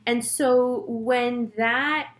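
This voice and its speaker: A woman's voice: on the high side, steady tone, very slow, slight background noise. A young woman, a tarot reader, chatting to her viewers in a casual monologue and acting out the voices in her story.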